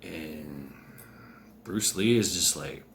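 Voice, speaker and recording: A man's voice: a bass voice, takes it slowly, gravelly, a bit bright, a little hiss or hum. A man casually telling a story aloud, rambling, with many fillers and restarts.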